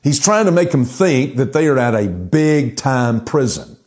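A middle-aged man preaching a sermon, telling Bible stories in a lively way and acting out the characters' lines. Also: mid-range voice, a little slow. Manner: lively storytelling, acting out quotes. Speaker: pastor.

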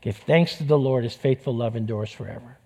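A man's voice: medium pitch, brisk, creaky, warm tone, breathy edge. A man with a New York accent preaching a sermon with passion, repeating phrases for emphasis. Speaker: pastor.

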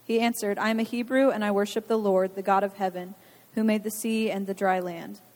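A woman reading a scripture passage aloud in a steady, measured way during a church service. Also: medium pitch. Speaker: scripture reader. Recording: long hall reverb.

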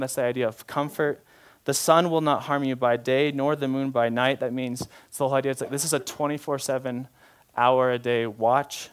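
A man preaching a sermon as pastor, talking in a relaxed, informal way and shifting between soft, slow passages and louder, emphatic ones. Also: mid-range voice, clean tone. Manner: informal, often uses "like" and restarts.

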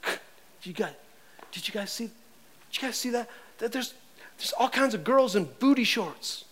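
A man's voice: very high voice, lively intonation, normal speed, fairly bright tone, slight background noise. A man acting out a nosy, scandalized religious man spying from down the street, gasping in agitated exclamations. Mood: whispering.

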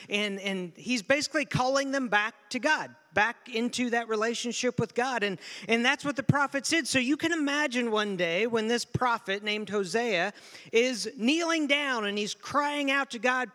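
A man preaching a storytelling sermon in an animated way, often repeating words as he starts a phrase. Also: extremely high pitch. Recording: long reverb of a large hall.

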